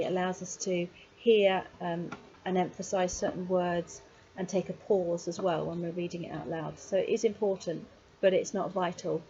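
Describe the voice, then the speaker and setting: A woman giving a casual video lesson on writing poetry, chatty and encouraging, with frequent pauses and digressions. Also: mid-range voice, warm tone. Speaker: poetry workshop teacher. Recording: slightly dull lo-fi sound with faint noise.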